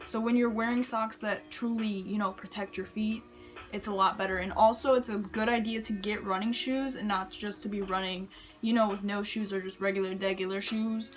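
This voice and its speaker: A woman's voice: medium pitch, steady tone, moderate pace, faint music behind. A young woman giving casual running tips in a chatty, rambling way, full of "like" and restarts. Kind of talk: casual advice vlog.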